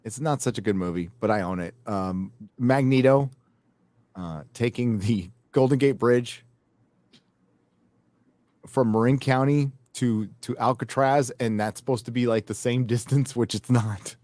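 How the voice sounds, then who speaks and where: A man's voice: mid-range voice, unhurried, a little mellow, no room sound. A man hosting a casual panel chat, reading viewer donations aloud in a rambling way, with fillers and self-corrections.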